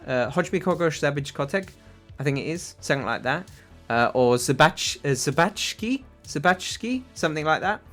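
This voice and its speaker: Rambling British livestream host. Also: male voice, mid-range voice, a bit bright. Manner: rambling, self-deprecating, many fillers. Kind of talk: casual livestream chat answering viewers.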